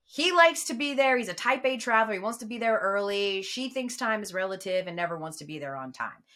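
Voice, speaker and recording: Woman, podcast co-host, bright voice, animated storyteller, acts out quotes. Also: mid-range voice, brisk. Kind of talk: casual chat.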